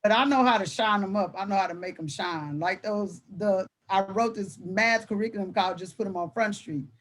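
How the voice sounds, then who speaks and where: A woman educator chatting as a guest, telling classroom stories in a colloquial way and laughing often. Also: mid-range voice. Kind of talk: casual conversation, storytelling.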